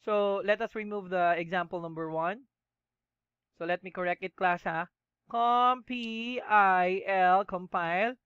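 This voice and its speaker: A woman with a Filipino accent teaching a class, mixing English and Tagalog and slowly spelling out words letter by letter. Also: lowish voice, fairly bright tone, smooth, no room sound, lo-fi sound. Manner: slow and methodical, spells out letters one by one. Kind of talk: classroom lecture.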